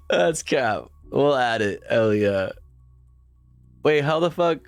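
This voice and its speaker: Slow, giggly, foul-mouthed streamer. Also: mid-range voice, big pitch swings, no echo, faint music behind. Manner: profane, giggly, rambling. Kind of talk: live reaction stream. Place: home streaming setup.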